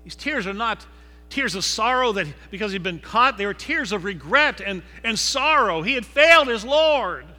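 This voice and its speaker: A man preaching a sermon that retells a scripture story dramatically, moving between loud emphasis and hushed low passages. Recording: long reverb with faint music behind.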